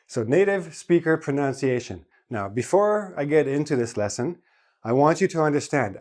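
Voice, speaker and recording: A Canadian man teaching an English lesson, speaking slowly and enunciating each syllable with care. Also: a little high, expressive, a little mellow. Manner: slow, carefully enunciated, stresses each syllable. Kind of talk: scripted lesson to camera.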